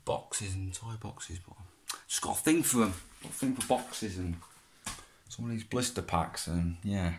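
A man's voice: fairly low pitch, unhurried, slight background noise. A man chatting casually, rambling as he goes through boxes of his child's old belongings, swearing and laughing as he talks. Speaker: vlogger. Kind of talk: casual chat, talking to an absent child.

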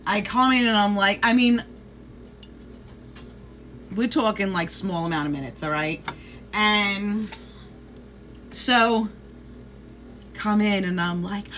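A woman's voice: medium pitch, takes it slowly, pauses often, a bit bright, a little hiss or hum. A woman chatting casually on a livestream, swearing freely and greeting viewers by name. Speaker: vlogger.

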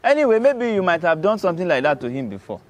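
Man as a friend, mid-high lively voice, quizzing and advising. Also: fast. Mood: skeptical. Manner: questioning, proverb-quoting.

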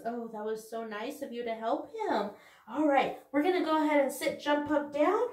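A woman teaching young children in a video lesson, talking slowly and encouragingly in a sing-song way. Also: high-pitched, recorded from a distance. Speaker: preschool teacher. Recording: echoey room, off-mic.

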